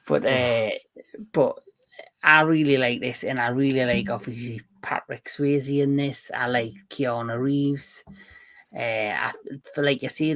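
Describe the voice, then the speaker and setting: A male movie-show host in casual conversation, voice sitting at an ordinary middle pitch. He jokes around and keeps restarting his sentences as he goes, loose and unscripted. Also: a bit bright. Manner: jokey, talks with many restarts. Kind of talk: casual movie review chat.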